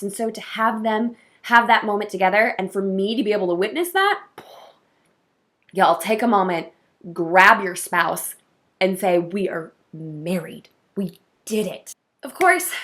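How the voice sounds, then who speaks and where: A woman who works as a wedding coordinator, talking to camera in a casual vlog, effusive and heartfelt with soft laughs. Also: mid-range voice.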